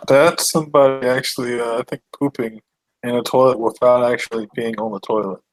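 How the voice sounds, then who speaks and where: A man's voice: mid-range voice, normal speed, long pauses, no room sound, rough recording. A man chats casually on an online call, throwing out playful questions and stumbling over his words a little. His voice sounds dry and close to the mic. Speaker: hangout participant.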